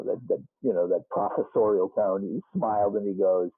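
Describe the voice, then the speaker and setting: A man's voice: on the low side, brisk, hardly any pauses. A man in his sixties with a Boston accent, a musician guest telling rambling stories with lots of restarts and asides in a casual interview. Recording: muffled phone-like band.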